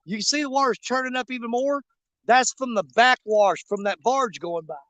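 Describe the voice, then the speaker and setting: High-voiced folksy man. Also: normal speed, fairly bright tone, no echo. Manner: rambling, folksy, jokey, with frequent fillers. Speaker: fishing channel host. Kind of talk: casual live-stream chat to viewers. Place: outdoors by a river.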